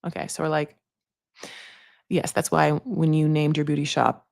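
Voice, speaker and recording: A woman's voice: deep voice, little pitch movement, moderate pace, vocal fry, a little mellow, dry recording, clean studio sound. A woman hosting a casual reality TV recap, chatty and sassy, swearing freely and calling people honey. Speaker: TV recap host.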